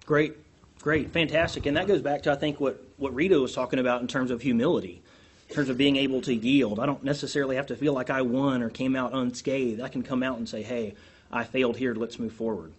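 A man leading a church class discussion, asking the group questions in an animated, self-deprecating way. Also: mid-range voice, fast talker, breathy edge.

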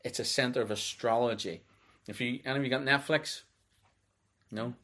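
A man giving a relaxed, unscripted Bible teaching, reading verses aloud as he goes. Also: medium pitch, normal speed. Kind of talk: conversational sermon.

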